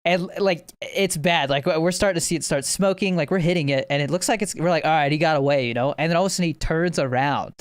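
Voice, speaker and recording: A man's voice: a little high, fast talker, hardly any pauses, no echo, studio quality. A young man co-hosting a podcast, rambling through game stories in casual chat and laughing at them. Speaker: podcast co-host.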